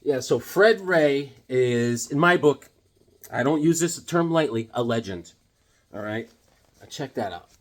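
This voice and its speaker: A man's voice: mid-range voice, expressive, measured pace. A middle-aged man casually showing off his comic collection, enthusiastic and rambling with lots of fillers and asides. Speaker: comic book collector vlogger. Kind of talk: casual show-and-tell.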